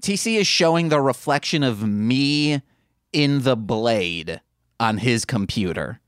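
A man co-hosting a podcast in casual chat, quick and joking, swearing and mimicking lines in funny voices. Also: medium pitch, animated, clear, resonant tone, dry recording, studio quality. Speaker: podcast co-host.

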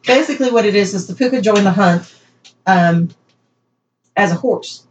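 A woman's voice: medium pitch, moderate pace. Chatty woman podcaster, dull lo-fi sound. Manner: chatty, riffs and asides, plays with emphasis. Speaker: podcast co-host. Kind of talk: casual chat reading folklore notes.

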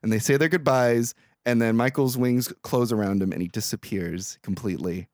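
A man's voice: medium pitch, moderate pace, a little mellow, dry recording, studio quality. A man co-hosting a podcast, casually recapping a movie plot in a rambling, profane way and acting out the characters' lines. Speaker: podcast co-host.

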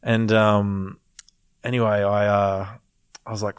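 Male storyteller, low-pitched, animated and profane, casual podcast chat. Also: takes it slowly, long pauses, smooth, dry recording, clean studio sound. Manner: animated, swearing, laughing through the story.

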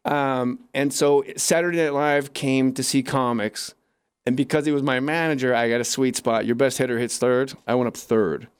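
Male guest: lively raconteur who jumps into characters, close dry read. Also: medium pitch, normal speed, clean tone, dry recording. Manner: animated, acts out quoted voices. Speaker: comedian guest. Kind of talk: casual storytelling.

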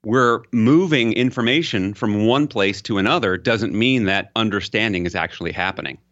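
Male expert guest, lowish voice, slightly muffled audio, explains by example. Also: moderate pace, a bit bright. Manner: explanatory, uses examples, rises in pitch for emphasis. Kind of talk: interview conversation.

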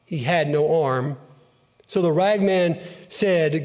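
A man giving an earnest, emotive dramatic reading of a story, in a measured way. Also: fairly high pitch, darkish tone. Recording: long hall reverb.

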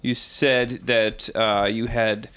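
A man's voice: lowish voice, flat delivery, takes it slowly, a bit bright, slight background noise. Joking podcast co-host man. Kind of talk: casual podcast chat.

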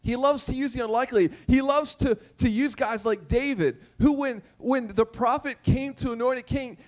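A high-pitched man preaching a sermon. He is emphatic and repetitive. He jokes and keeps asking the crowd questions. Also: moderate pace. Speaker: pastor.

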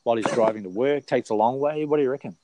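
A man's voice: medium pitch, racing, noisy background. A man with an Australian accent co-hosting a podcast, chatting casually with plenty of hesitation. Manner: hesitant, lots of ums and reckons. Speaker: podcast co-host. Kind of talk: casual chat.

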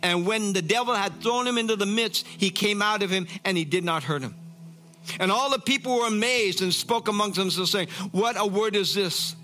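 A male pastor preaching a sermon, reading scripture aloud and breaking off to comment, fervent and exclaiming with shouts of praise. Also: sits high, a little fast.

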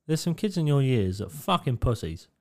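Sweary British bloke telling door stories. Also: male voice, medium pitch, fairly quick. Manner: sweary storytelling, animated quotes. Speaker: podcast co-host. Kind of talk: casual chat.

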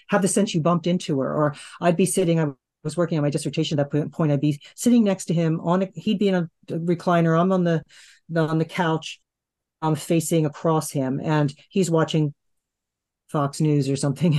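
A hypnotherapist in her sixties, speaking as an interview guest, tells a long personal story in a rambling, conversational way, restarting often and saying "you know." Her voice is low-pitched with a dark tone.

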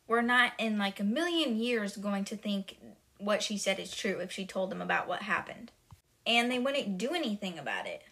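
A woman's voice: mid-range voice, a bit bright. A woman hosting a podcast, retelling book chapters in a chatty way full of "like" and "she's like". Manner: chatty, filler-heavy retelling with lots of "she's like". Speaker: podcast host. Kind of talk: casual book-chapter recap.

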